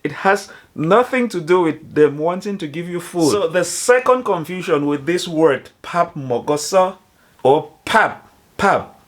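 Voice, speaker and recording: A man explaining phrases to foreigners in a slow, careful teaching manner, spelling out each example. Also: a little high, animated. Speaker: language teacher.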